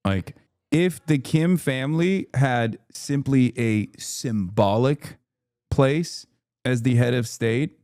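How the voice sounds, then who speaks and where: A man hosting a stream, reacting to a video in rapid, argumentative, exasperated casual commentary. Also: mid-range voice, darkish tone, dry recording, clean studio sound. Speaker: streamer host.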